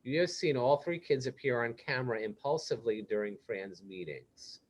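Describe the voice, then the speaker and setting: A man's voice: medium pitch, normal speed. A man, a psychiatrist, presenting a case to an audience over a video call in a conversational way, acting out what a supportive manager might say. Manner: conversational, role-plays supportive manager lines. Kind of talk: interactive webinar presentation.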